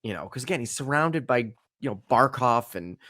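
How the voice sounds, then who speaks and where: A man's voice: mid-range voice, animated, brisk, bright, forceful tone, no echo, studio quality. A young man co-hosting a casual sports podcast, chatty and jokey, with loose fillers. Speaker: podcast co-host.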